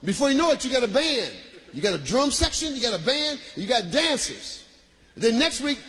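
A man doing a stand-up routine, working the crowd loudly with shouts and laughter. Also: very high-pitched. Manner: loud, animated, bursts of shouting and laughter. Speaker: stand-up comedian. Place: live comedy venue. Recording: live crowd and room noise.

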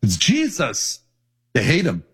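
A man's voice: fairly high pitch, wildly swooping pitch, takes it slowly, fairly bright tone, slightly rough. Guy preaching a sermon, earnest, reading bible verses. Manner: earnest preaching, reads scripture in rising voice. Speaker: pastor.

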